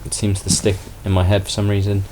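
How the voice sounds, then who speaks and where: A man with a fairly low voice rambles casually through a haul of collectible toys. He sounds relaxed and self-deprecating, and faint background hiss sits under his voice. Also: fast talker. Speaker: toy collector vlogger. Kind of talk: casual haul video chat.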